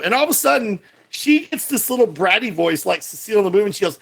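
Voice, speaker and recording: A man co-hosting a casual movie podcast, talking in animated bursts that jump from high excited peaks to low asides. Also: normal speed, creaky, breathy edge. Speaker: podcast co-host.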